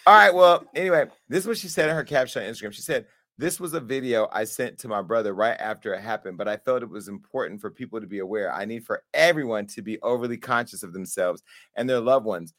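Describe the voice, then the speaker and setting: A man hosting a call-in talk show, joking and animated as he chats and laughs often. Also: fairly low pitch, quick pace. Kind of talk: casual chat.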